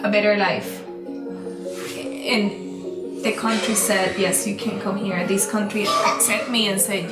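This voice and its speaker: A woman interviewee sharing her personal story, hesitant and pausing often with fillers. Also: mid-range voice, fairly even intonation. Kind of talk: personal testimony. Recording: distant echoey mic under loud music.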